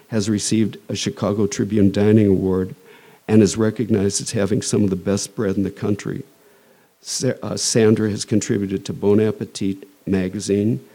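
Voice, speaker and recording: A middle-aged American man, president of a society, introduces a guest speaker at a talk. His lowish voice is creaky and mellow, and he rambles with restarts and joking asides.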